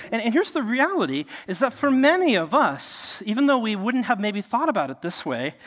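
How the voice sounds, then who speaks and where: A man's voice: high-pitched, pushed and bright, big-room sound. A man preaching a sermon from a cramped enclosed space, conversational and full of rhetorical questions. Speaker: pastor.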